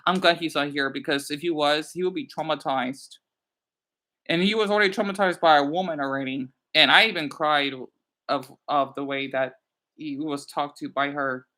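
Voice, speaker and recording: A man chatting casually on his live stream in a rambling, animated way, answering his chat and bluntly scolding trolls. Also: a little high, moderate pace.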